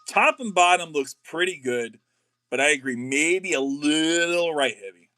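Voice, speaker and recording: A middle-aged man, chatting excitedly on a live card-opening stream. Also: a little high, measured pace, faint music behind. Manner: excitable, says y'all a lot.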